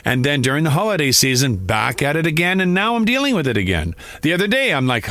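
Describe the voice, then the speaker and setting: A middle-aged man talks straight into the mic in an open, rambling way, stopping to correct himself along the way. His pitch rises and falls a lot. The sound is dry, with no room echo. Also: big pitch swings, quick pace, hardly any pauses, fairly bright tone. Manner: candid, rambling, self-correcting. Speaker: podcast host, trucker. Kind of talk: casual monologue.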